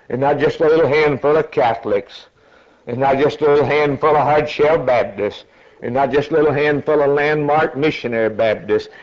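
A man preaching a sermon in a slow, dramatic way, climbing to loud high peaks. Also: highs cut off.

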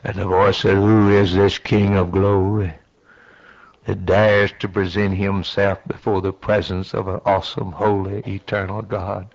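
A man preaching a sermon in a slow, dramatic way, climbing to loud high peaks. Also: little pitch movement, vocal fry, highs cut off.

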